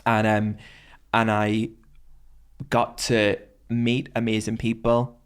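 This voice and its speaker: Candid, lively Irish man. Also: fairly low pitch, takes it slowly, clean tone. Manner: lively, candid, swears freely, acts out voices in stories. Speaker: radio presenter, podcast guest. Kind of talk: casual storytelling in a podcast interview. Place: podcast studio.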